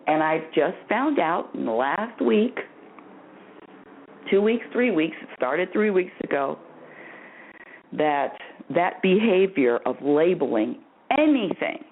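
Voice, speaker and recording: A woman hosts a spiritual self-help radio show and talks in a rambling way, repeating and restarting her sentences. Her pitch swings lively and wide. The sound is thin and tinny, like a phone line. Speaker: radio host.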